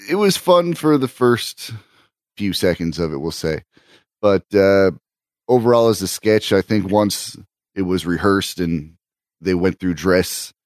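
A man co-hosting a casual podcast with a lowish voice. He gives short, relaxed opinions on comedy sketches. The recording is dry and close. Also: unhurried, dry recording. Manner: laid-back, brief remarks. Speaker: co-host.

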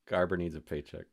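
A man's voice: deep voice, creaky. A man co-hosting a podcast, chatting eagerly about a TV episode and agreeing often. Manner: enthusiastic, agreeable, says yeah a lot. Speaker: podcast co-host. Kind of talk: casual chat about a TV show.

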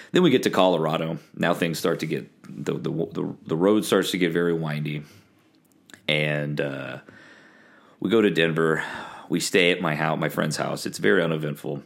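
Man, very low pitch, gravelly fry, wry rambling podcast host, close mic. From East Texas. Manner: rambling, wry, with frequent ums and restarts. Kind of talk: casual solo storytelling. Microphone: close podcast microphone.

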